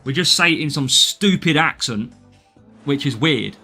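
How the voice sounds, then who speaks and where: Chatty English streamer, slightly higher voice, reads chat and greets viewers. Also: male voice, animated, measured pace, bright, forceful tone, slightly rough, faint music behind. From England. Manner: chatty, greets viewers by name, laughs often. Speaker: game streamer. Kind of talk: live gameplay stream, reading chat.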